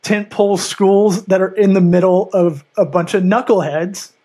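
High-voiced jokey male host. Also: normal speed. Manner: jokey, animated, teasing. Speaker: podcast host. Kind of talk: casual podcast chat.

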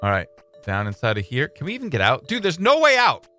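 A man giving casual let's-play commentary on his own video, excitable, swinging between mumbling and loud outbursts. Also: on the high side, quick pace, music in the background. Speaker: gaming YouTuber.

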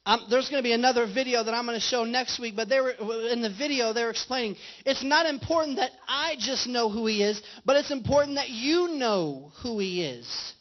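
A man's voice: very high voice, fairly quick, few pauses. A male pastor preaching a conversational sermon in a church and putting questions to his congregation. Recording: dull lo-fi livestream audio.

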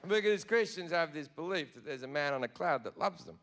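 A man's voice: a little high, lively intonation, slow pace, pauses often, a bit bright. A man with an Australian accent doing a profane, brash stand-up routine. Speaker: stand-up comedian.

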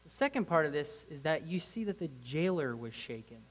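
Man, preacher, high voice, casual sermon, animated, sudden excited shouts. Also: brisk, rough recording.

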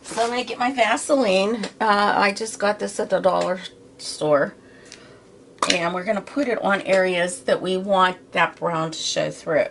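A woman's voice: mid-range voice, unhurried, creaky, fairly bright tone, a little hiss or hum. A middle-aged woman giving a casual, chatty painting tutorial from her home studio, with homey asides as she works. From Pittsburgh area. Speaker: art teacher.

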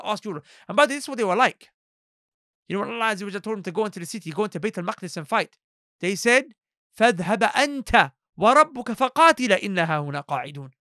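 A man's voice: high voice, dry recording, clean studio sound. A man giving a Quran lesson, acting out quoted voices and asking his listeners questions. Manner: animated, acts out quoted voices; asks the listeners rhetorical questions. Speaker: Islamic teacher.

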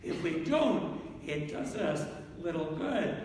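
A male pastor preaching an animated sermon, reading scripture slowly and solemnly in old-fashioned wording. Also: fairly high pitch. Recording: echoey hall from far off, faint noise.

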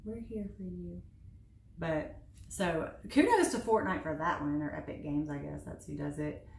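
A woman's voice: sits low, normal speed, vocal fry, reverberant. Chatty woman in her thirties venting. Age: 30s. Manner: chatty and animated, venting with sarcasm. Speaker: beauty vlogger. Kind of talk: casual chat while doing makeup. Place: home room.

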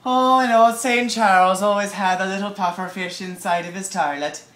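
A man's voice: high voice, fairly even intonation, moderate pace, a bit bright. Goofy rambling man in an echoey room. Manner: goofy, rambling, mock-serious with hesitant fillers. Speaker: comedy video host. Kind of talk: rambling improvised comedy bit.

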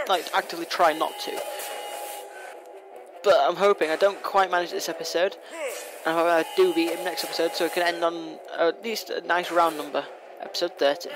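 A young man narrates his game run in a high, light voice, rambling fast and teasing the enemy. The recording carries a steady hiss of background noise. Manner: fast-talking, rambling, playfully taunting. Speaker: gameplay commentator. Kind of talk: casual let's play commentary. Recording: noisy home recording.

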